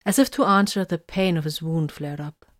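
A woman narrating a story in a steady, measured way. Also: deep voice, no room sound, studio quality. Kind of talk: audiobook narration.

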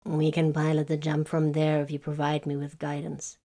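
A woman reader voicing a calm, formal male navigator with mechanical jaws, his voice set apart by a different tone. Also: low-pitched, moderate pace. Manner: formal, deferential.

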